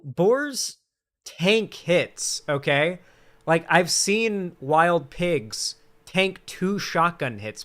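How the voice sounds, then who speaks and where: Young guy ranting on stream, swears a lot, kinda high voice. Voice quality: rambling, crude and animated. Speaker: commentary streamer. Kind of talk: casual political commentary stream. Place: cramped home setup.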